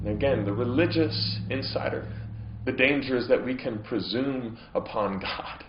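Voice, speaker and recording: A man's voice: mid-range voice, normal speed, gravelly, reverberant, dull audio, noisy background. A man preaching a sermon as pastor, earnest and growing impassioned at times. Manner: earnest preaching, voice rising into emphatic, impassioned stretches. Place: church.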